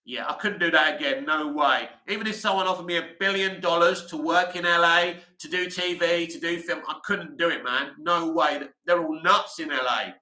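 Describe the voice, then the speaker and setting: A man's voice: a little high, moderate pace, few pauses, pushed and bright, echoey room, rough recording. A man hosting a casual livestream, rambling chattily with lots of "you know" fillers as he answers viewer comments. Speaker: livestream host.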